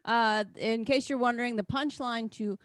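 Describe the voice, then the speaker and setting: A woman's voice: a little high, steady tone, normal speed, dry recording. An American woman performs stand-up over a video call, talking in a chatty, self-deprecating way. She laughs at her own lines now and then, and the sound is close and dry with no room around it. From United States. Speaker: stand-up comedian. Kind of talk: stand-up set.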